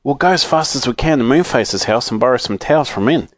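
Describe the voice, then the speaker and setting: A brisk, practical schoolboy who leads the others, put on by a man reading a storybook. He speaks sensibly with a lively rise and fall, recorded dry and close. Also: medium pitch, no echo, lightly acted.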